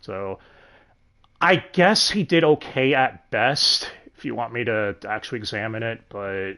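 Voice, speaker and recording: A man hosting a casual, profane review of an anime dub, sardonic and quick to laugh. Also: medium pitch, bright, forceful tone. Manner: sardonic, swears freely, laughs often.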